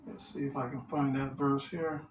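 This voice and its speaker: A man teaching from the Bible in a sermon, reading verses aloud slowly and asking rhetorical questions. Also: mid-range voice, little pitch movement, a little hiss or hum. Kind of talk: scripture study sermon. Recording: roomy echo, distant from the mic.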